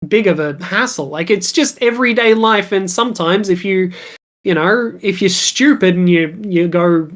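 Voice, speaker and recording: A woman's voice: medium pitch, moderate pace. A woman chatting casually as a podcast guest, rambling with many fillers and frequent laughs. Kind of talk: casual chat. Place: lives in Australia.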